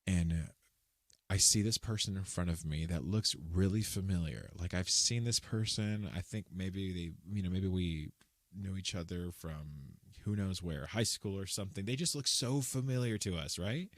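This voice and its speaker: A young man co-hosting a casual podcast, retelling a story in a lively, animated way. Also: sits low, normal speed, no echo. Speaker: podcast co-host. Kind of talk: casual chat.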